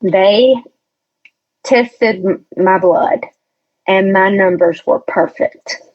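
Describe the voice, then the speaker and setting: Slow-talking woman telling her story. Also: mid-range voice, highs cut off. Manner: chatty storyteller who acts out quoted voices, laughs often. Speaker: podcast guest. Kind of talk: casual storytelling interview.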